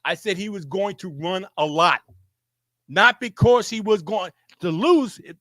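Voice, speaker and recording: A sports show host, a man with a high, bright, pushed voice, argues heatedly at a slightly slow pace. He keeps insisting, repeating himself and stammering as he restarts sentences. He faces a camera, and the recording has no echo.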